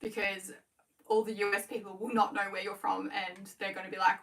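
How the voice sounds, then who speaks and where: A woman's voice: mid-range voice, little pitch movement, vocal fry, a bit bright, far from the mic, poor audio. Chatty Australian woman, a bit off-mic. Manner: chatty, quick, self-correcting while working. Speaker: small business owner livestreaming. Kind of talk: casual livestream chat.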